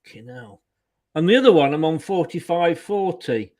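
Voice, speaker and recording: A man's voice: a little high, lively intonation, normal speed, a crowd in the background. A man who is a guest on a football watchalong, grumbling and swearing freely in casual chat. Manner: exasperated, swears a lot, grumbles.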